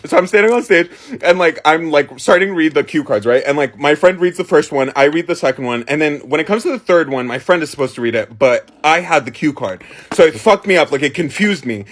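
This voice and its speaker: A young man telling an embarrassing childhood story in a casual, animated way, swearing and laughing as he goes. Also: fairly high pitch, a little fast.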